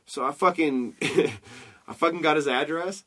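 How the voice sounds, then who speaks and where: A man's voice: a little high, unhurried, bright, forceful tone. A young man telling rambling, profane stories in casual chat with friends. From southern United States.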